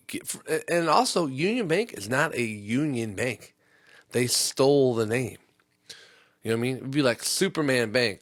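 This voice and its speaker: A man hosting a comedy podcast, rambling through a story and jumping into quick impressions. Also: on the high side, lively intonation, fairly bright tone, no echo, clean studio sound.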